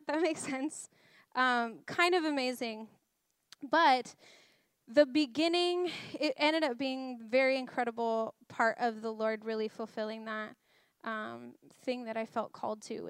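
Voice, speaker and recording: A woman's voice: on the high side, clear, resonant tone, no room sound, clean studio sound. Chatty woman telling a church testimony. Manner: chatty, animated storytelling with laughs. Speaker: speaker at a church. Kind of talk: personal testimony sermon.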